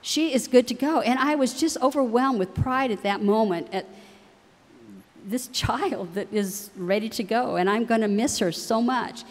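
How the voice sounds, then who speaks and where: A woman's voice: fairly high pitch, moderate pace. A middle-aged woman, wife of a university president, telling family stories to parents with frequent laughs. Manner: warm anecdotal delivery with laughs. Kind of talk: storytelling speech to parents. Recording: long hall reverb.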